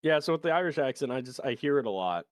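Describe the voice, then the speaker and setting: Animated, playful stream co-host. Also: medium pitch, fast, no room sound. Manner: animated, playful, laughs often. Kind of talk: casual chat.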